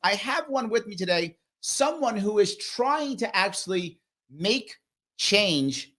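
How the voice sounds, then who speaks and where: A man with a New York accent hosts a casual live show. His voice sits high for a man, and he talks in an animated, emphatic way. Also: slow pace. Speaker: host. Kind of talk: casual live-stream chat.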